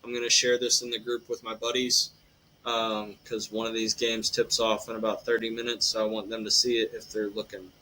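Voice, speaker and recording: A man's voice: lowish voice, level tone, brisk, sharp tone, slight background noise, low-quality recording. A man hosting a casual sports podcast, rambling through betting picks with lots of ums and a habit of tagging "eh" onto his sentences. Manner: rambling, filler-heavy, says "eh".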